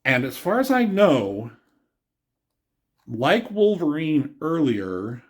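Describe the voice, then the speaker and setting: A man's voice: fairly high pitch, sing-song, slow pace. Man casually rambling through a comic review. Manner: rambling, filler-heavy, chuckles at his own jokes.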